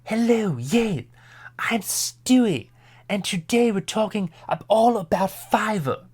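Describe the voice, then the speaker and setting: A snooty, scheming cartoon baby boy, as a man puts him on, delivered in a voice pitched high above the speaker's usual register. He speaks in grandiose, theatrical declarations, as if plotting to conquer the world. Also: lively intonation, slow, a little mellow, breathy edge, full character voice.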